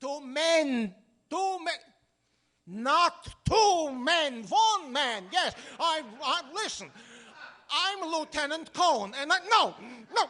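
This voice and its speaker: In a vaudeville comedy sketch, a man plays a flustered immigrant businessman on the telephone using a stage Yiddish dialect. The full character voice is pushed extremely high and sharp, and he gets exasperated, repeats himself, and mixes up his words.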